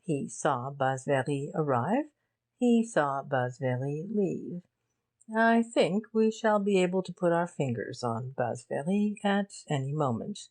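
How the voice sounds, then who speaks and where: A woman reading a confident military gentleman who speaks in an assured way. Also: deep voice, expressive, a little slow.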